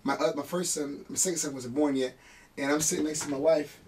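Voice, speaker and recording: A music producer, a man with a fairly high voice, talks a bit quickly while sitting far from the mic, with a faint hiss or hum in the background. In a casual interview, he tells family stories with emotion, laughing and animated as he goes.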